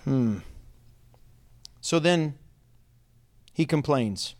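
A man preaching a sermon, reading scripture aloud and breaking into animated asides. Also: mid-range voice, slow, long pauses. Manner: animated reading with acted quotes, laughs often.

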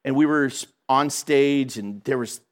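A middle-aged man giving a storytelling sermon in a lively, conversational way, laughing at himself. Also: medium pitch, a little slow. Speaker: Christian speaker.

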